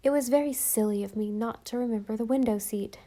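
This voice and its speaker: Tender storybook mother, the narrator's own voice, soft and warm. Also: on the high side, a little fast, natural voice. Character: loving young mother, gentle and relieved. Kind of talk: audiobook character reading.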